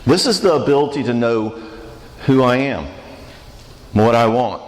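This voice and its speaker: A conference speaker gives a talk at a church marriage conference, recorded in a reverberant church hall. His mid-range voice is expressive and measured as he jokes conversationally and frequently asks the audience questions.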